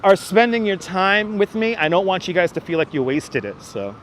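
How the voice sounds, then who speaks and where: On a walking livestream through city streets, a male host keeps thanking his viewers effusively. His high-pitched voice swings widely in pitch at a normal pace. He uses a wireless clip-on mic, and there's a little background noise.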